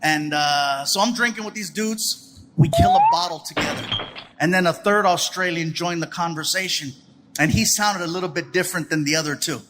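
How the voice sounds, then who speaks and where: A male stand-up comedian spins a story on stage and slips in and out of the voices of the people in it. His voice sits high, and his delivery is animated. The stage mic picks up clear audience noise around him. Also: normal speed. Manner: animated, acts out characters in voices.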